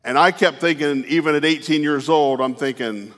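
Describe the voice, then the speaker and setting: A man preaching a conversational sermon in a church, telling a personal story in a folksy, unhurried way with many fillers and restarts. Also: fairly high pitch, a bit bright. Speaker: pastor. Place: church sanctuary. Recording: long reverb of a church hall.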